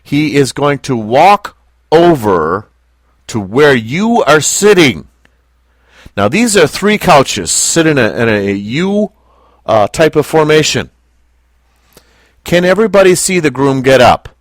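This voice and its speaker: A man leads a Bible lesson with a lively, rising and falling voice. He speaks slowly and deliberately and often stops to ask his listeners questions. The sound is dry and close, with no room echo. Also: a little high. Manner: slow, deliberate, asks the class questions. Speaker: Bible teacher. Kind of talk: Bible teaching to a small group.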